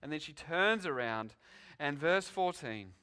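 A male preacher delivers a sermon with a bright, forceful voice set somewhat high. He leans hard on key phrases, then drops to a hushed, slowed hush to draw listeners in. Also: animated, clear, resonant tone. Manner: emphatic, swings from loud declarations to hushed pauses.

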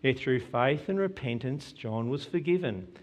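A man preaching a sermon, earnest and measured, quoting scripture with emphasis. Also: medium pitch, expressive.

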